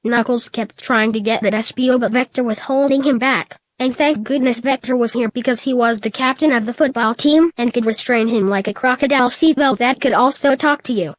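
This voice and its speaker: A woman's voice: on the high side, brisk, few pauses, no echo. A synthetic female text-to-speech voice narrating a silly storybook tale.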